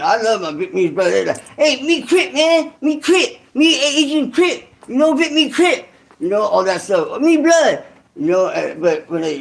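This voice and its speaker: A man's voice: high-pitched, gravelly, darkish tone. A man from California who hosts his channel, telling a story in a rambling, slangy monologue full of restarts and asides. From Santa Clara, California. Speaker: online creator host.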